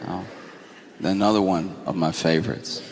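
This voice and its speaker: A man performing stand-up comedy, telling stories and acting out his friends' startled phone replies in high excited voices. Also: normal speed, big-room sound, background noise. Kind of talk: stand-up storytelling.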